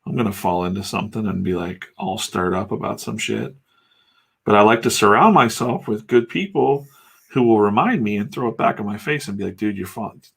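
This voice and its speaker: A middle-aged American man, a comics artist who hosts a channel, chats frankly and with some profanity while drawing, wandering from point to point. He sounds a little fast and lowish, gravelly yet fairly bright, with a breathy edge.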